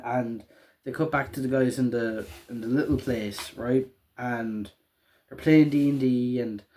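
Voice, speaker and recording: A young man, casually recapping a show in a rambling, excitable way with a lot of swearing and laughter. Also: mid-range voice.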